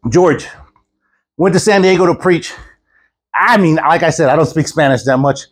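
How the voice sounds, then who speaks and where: A man preaching a sermon at a church service, telling stories with animated quoted voices and chuckles. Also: a little high, normal speed, slightly rough. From Houston, Texas. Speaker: guest preacher.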